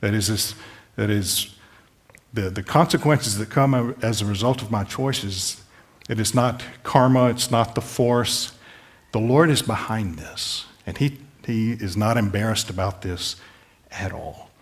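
Male pastor, lower-pitched, earnest sermon delivery with pleading appeals. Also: measured pace. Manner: earnest, pleading, rephrases verses plainly.

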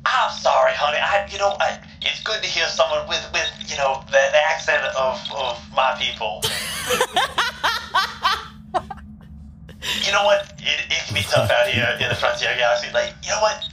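A man voicing a tough, tattooed woman trucker who swears loudly but turns friendly, calling people honey. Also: high-pitched, lively intonation, rapid-fire, echoey room, soft background music, pitched above the performer's own voice, heavily acted, rough recording. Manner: brassy, swearing, folksy drawl with "honey".

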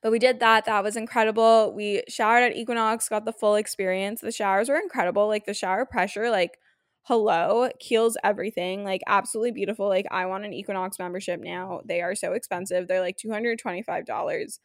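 A young woman in her twenties talks through a casual solo podcast, gushing and chatty and leaning on fillers. Her voice sits at a middle pitch. It is recorded close and dry, with no room sound. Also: steady tone, a little fast, dry recording. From Canada. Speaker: podcast host.

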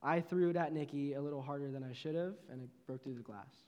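Man playing a calm teenage big brother, quiet and steady, slightly high voice, long hall echo. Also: quick pace, lightly acted. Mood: apologetic.

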